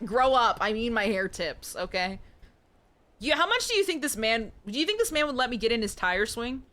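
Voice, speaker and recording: Chatty, joking twenties woman streamer with a lively voice. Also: a little high, normal speed. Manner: playful, jokey, chatty with viewers. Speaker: game streamer. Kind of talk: live gameplay commentary.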